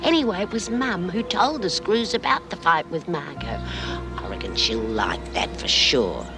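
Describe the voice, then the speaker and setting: A woman's voice: lowish voice, animated, normal speed. An actress playing an elderly female prisoner, cheeky and stubborn, in a TV drama. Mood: plain. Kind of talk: 1980s TV drama acting. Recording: old TV soundtrack with music.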